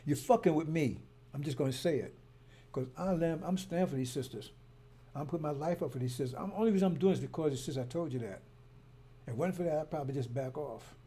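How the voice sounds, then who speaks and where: A man's voice: on the high side, fast talker, warm tone, breathy edge. A man telling a story and ranting in a heated, rambling way, repeating himself often. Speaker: broadcaster. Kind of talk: casual monologue.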